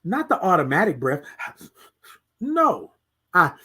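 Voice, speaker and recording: A man hosts a motivational talk in a high, husky voice. He repeats his lines like a preacher and slips into quiet, murmured self-talk. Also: wildly swooping pitch, slow pace. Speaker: podcast host.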